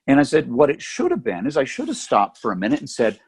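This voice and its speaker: A man's voice: medium pitch, fast talker, husky. A middle-aged man telling a story in casual chat as a podcast co-host, acting out the voices of the people in it. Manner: animated, acts out voices in his anecdotes.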